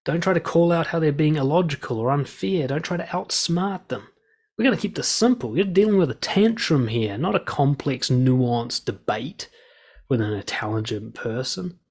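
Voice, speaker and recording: A man with a gravelly, slightly husky voice gives blunt, direct advice and swears freely. He talks straight to the listener and acts out quoted lines as he goes. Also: mid-range voice, a little mellow. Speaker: dating and confidence coach.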